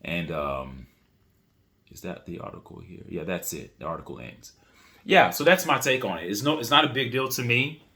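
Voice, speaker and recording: A man's voice: low voice, normal speed, creaky, pushed and bright. A man hosting a commentary channel, giving his opinion in a casual, outspoken way and answering chat comments.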